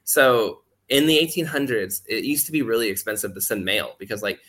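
A man with a lower voice, lively intonation, and a fairly bright tone speaks briskly as a guest on a podcast. He rambles in easygoing chat, using "like" constantly and voicing the people he quotes as he explains.

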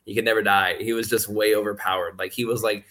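Podcast guest, male, lowish bright voice, rambling filler-heavy storyteller. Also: little pitch movement, fast talker. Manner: acts out quoted voices while explaining. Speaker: guest speaker. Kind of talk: casual podcast chat.

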